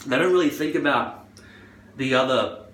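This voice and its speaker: A man's voice: mid-range voice, moderate pace, fairly bright tone, a little hiss or hum. A man talking in a put-on Scottish accent, rambling and joking with a lot of swearing while he gives a hairpiece tutorial at home. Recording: roomy echo.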